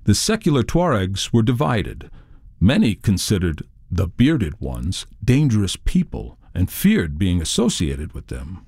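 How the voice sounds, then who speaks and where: Brief: male audiobook narrator, measured journalistic read, lively intonation, dry close. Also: low voice, creaky, breathy edge, no echo. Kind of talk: scripted nonfiction audiobook narration.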